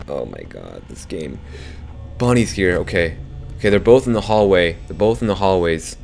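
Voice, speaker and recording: A young man narrates his own horror game session from a home setup, his voice sitting a little low. He is jumpy and swears when scared, and he chats straight to his viewers. A faint hiss of noise runs underneath. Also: big pitch swings, normal speed, vocal fry. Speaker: gaming YouTuber. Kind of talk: horror game let's play commentary.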